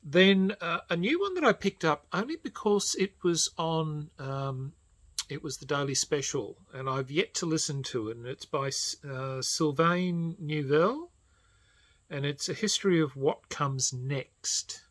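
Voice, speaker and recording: A man casually recommending audiobooks as a channel host, rambling with many fillers and often trailing off to a quiet, half-whispered voice. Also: fairly high pitch, expressive, a little slow.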